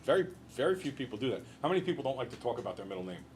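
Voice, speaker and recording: A male teacher lecturing a class in an animated, joking storyteller way. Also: medium pitch, racing, slight background noise.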